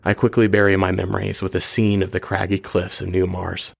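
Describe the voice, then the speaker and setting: A man hosting his podcast and narrating a first-person science-fiction short story in a measured, steady way. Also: low-pitched, creaky, husky.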